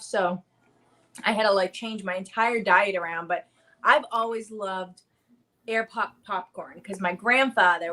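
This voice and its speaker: A mid-range, fairly bright voice belongs to a woman in her thirties. She hosts an easygoing livestream, rambling chattily and filling gaps with filler words.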